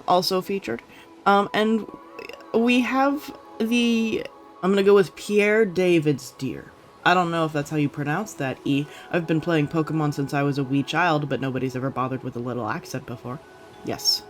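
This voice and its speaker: A gaming YouTuber giving casual reaction commentary, chatty and upbeat, rambling with many fillers and self-corrections. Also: medium pitch. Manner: upbeat and enthusiastic.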